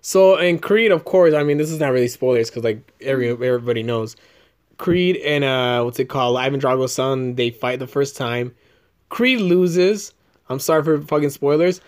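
Animated man telling a story. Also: normal speed. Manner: animated storytelling, heavy swearing, imitates people in high voices. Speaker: vlogger. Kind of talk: casual chat.

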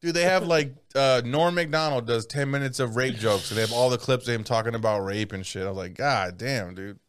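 A man's voice: medium pitch, a little fast, clean tone, no room sound. A man in casual chat, swearing freely and laughing often. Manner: profane, laid-back, laughs often.

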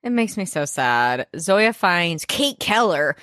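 A young woman co-hosting a podcast, recapping a TV episode in casual chat, excitable and laughing a lot as she acts out the characters' lines. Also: fairly low pitch, slow, dry recording, studio quality. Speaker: podcast co-host.

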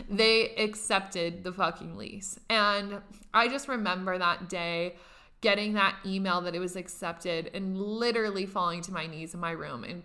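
Young woman, bright forward voice, candid and profane casual storyteller. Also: mid-range voice. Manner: candid, profane, laughs often.

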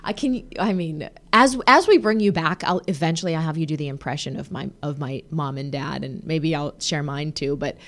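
Chatting casually with her husband on her podcast, a woman in her thirties uses a deep voice at normal speed, with few pauses. She's animated, full of laughs and filler words.

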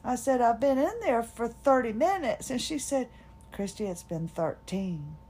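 A woman's voice: on the high side, unhurried, breathy edge. A woman hosting a podcast, telling a personal story in a chatty, laughing way, quoting others, tired and finding it hard to talk. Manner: chatty, laughing, animated retelling with quoted voices. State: fatigued, hard time talking. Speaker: podcast host.

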